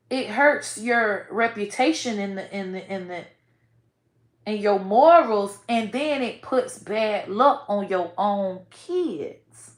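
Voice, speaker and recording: A woman giving blunt, profane commentary with sudden loud outbursts. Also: medium pitch, reverberant. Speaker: online commentator. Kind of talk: casual commentary.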